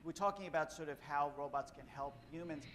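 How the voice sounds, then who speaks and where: A man moderates a live panel, talking loosely with plenty of fillers as he steers the guests. His voice sits slightly high for a man, and faint event-room noise runs underneath. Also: a little fast, fairly bright tone.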